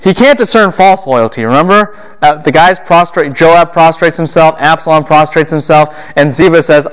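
A man's voice: fairly quick, hardly any pauses, clean tone. A man giving a university lecture on a Bible passage, firing questions at his class and answering them himself, and acting out the lines he quotes. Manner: acts out the quoted lines with big jumps in pitch and volume.

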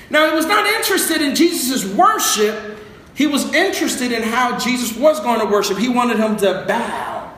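Preaching in a very echoey room with faint background noise, a man with an extremely high, slightly bright voice jokes conversationally and has the congregation repeat words. He's very animated but keeps a moderate pace.

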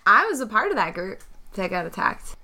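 A woman's voice: mid-range voice, noisy background. Joking woman player in a tabletop game. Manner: animated, joking, quick asides.

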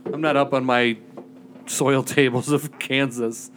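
A man's voice: mid-range voice, steady tone, unhurried, a bit bright, a little hiss or hum. A man co-hosting a podcast in casual chat, matter-of-fact with a teasing edge. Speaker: podcast co-host. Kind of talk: casual chat among friends.

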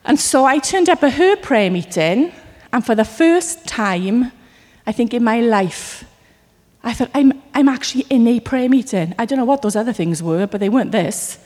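A woman from Wales delivers a sermon with a slightly high voice that rings out into a large hall. She tells personal stories and acts out little voices as she goes. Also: moderate pace. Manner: animated storytelling with acted asides. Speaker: preacher.

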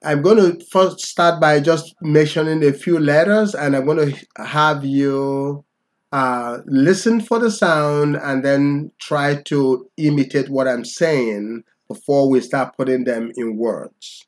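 A man teaching tones in a relaxed, conversational lesson, patiently checking in with okay? after each point. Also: on the high side, slow. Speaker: language teacher.

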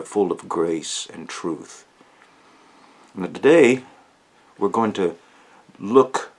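Man, low voice, Bible teaching, earnest, emphatic, slows on key words. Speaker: pastor.

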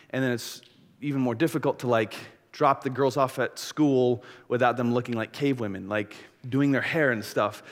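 A pastor in his thirties preaching to his church, candid and animated, telling a family story with confessional asides. His voice sits in a middle register. Long reverb from the big hall trails every phrase. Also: mid-range voice. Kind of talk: sermon.

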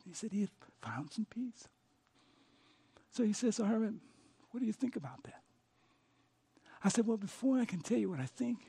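This middle-aged pastor has a fairly high, husky voice. He preaches a sermon built around a story, moving from soft, hushed passages to passionate pleas.

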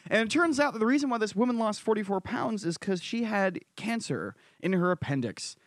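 A man's voice: sits high, expressive, normal speed, no echo, clean studio sound. A man co-hosting a podcast, casual and joking, often stammering as he starts a thought. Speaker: podcast co-host.

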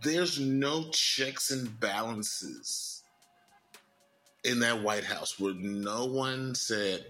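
A man co-hosting a comedy podcast, joking and animated in casual chat. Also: medium pitch, extremely slow, faint music behind. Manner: animated, joking, swings between voices. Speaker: podcast co-host.

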